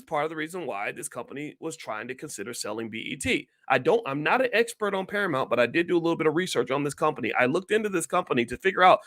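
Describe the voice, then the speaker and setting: A man's voice: on the high side, expressive, fast talker, hardly any pauses, a bit bright. A man giving heated, rambling commentary straight to his viewers, asking them questions and preaching his point. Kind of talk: direct-to-camera commentary.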